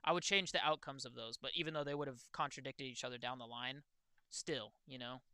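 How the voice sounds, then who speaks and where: A young man streaming, chatting casually and excitedly, swearing freely and talking to his viewers. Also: medium pitch, brisk, clear, resonant tone, dry recording. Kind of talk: casual livestream chat.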